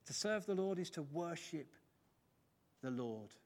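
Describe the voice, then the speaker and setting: A man preaching a sermon in church, animated and jokey, swinging his pitch and loudness for emphasis. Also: unhurried.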